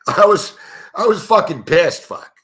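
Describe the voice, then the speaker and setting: A young man with a bright, forceful, fairly high voice, spinning a long, rambling anecdote in casual chat. He swears in nearly every sentence and keeps restarting his thoughts as the story runs on. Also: measured pace. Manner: profane, swears constantly; rambling, animated anecdote telling. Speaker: show panelist.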